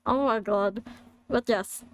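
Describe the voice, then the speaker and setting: A woman's voice: medium pitch, slow pace. A woman streamer chatting casually with her viewers, giggly and self-deprecating. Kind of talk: casual live-stream chat.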